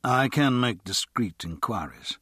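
A man voicing a calm, discreet Victorian gentleman in an audiobook, speaking in a measured way. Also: medium pitch, breathy edge, dry recording, clean studio sound. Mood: composed.

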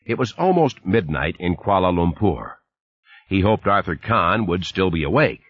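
A man narrating an audiobook in a measured storytelling manner. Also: low-pitched, big pitch swings, no room sound, dull audio. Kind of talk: scripted narration.

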